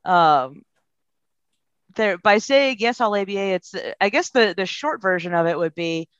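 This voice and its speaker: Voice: medium pitch, lively intonation, a little slow, fairly bright tone, clear, resonant tone, no room sound. A guest speaking as a professional in their field, giving earnest, thoughtful answers in a podcast interview. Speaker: guest, behavior analysis professional. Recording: dull, dry lo-fi sound.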